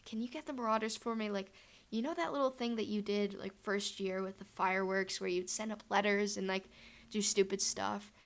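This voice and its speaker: A woman's voice: medium pitch, steady tone, fairly quick, close to an everyday voice. Woman playing a shy teen witch, embarrassed, coy, hesitant.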